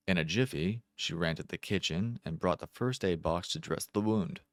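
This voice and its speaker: Very deep-voiced male story narrator. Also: normal speed, few pauses, no echo, clean studio sound. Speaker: amateur narrator. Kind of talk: first-person short story narration.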